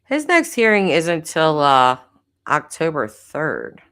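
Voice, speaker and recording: Giggly low-voiced woman streamer. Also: very animated, takes it slowly, a bit bright, clear, resonant tone. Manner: giggly, self-deprecating, chatty. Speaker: live stream host reading chat. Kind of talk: casual live stream chat.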